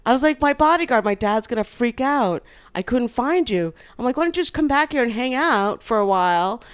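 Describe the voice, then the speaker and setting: On a podcast, a woman guest tells a long personal story in casual conversation, animatedly acting out the other people involved. Her voice is on the high side, brisk, and clean in tone.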